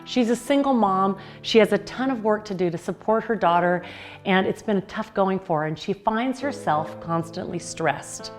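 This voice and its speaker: A woman's voice: medium pitch, soft background music. Earnest woman life coach telling stories. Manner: earnest, storytelling with emphatic pauses. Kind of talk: motivational talk.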